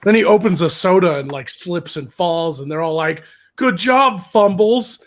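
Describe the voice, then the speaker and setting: Young man, somewhat high voice, casual chat, animated storytelling, acts out quotes. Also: normal speed. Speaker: podcast co-host.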